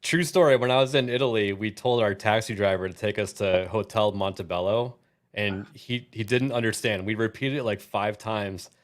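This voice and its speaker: A man's voice: fairly low pitch, moderate pace. A man co-hosting a casual chat show, laid-back and telling funny anecdotes. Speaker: co-host, veteran.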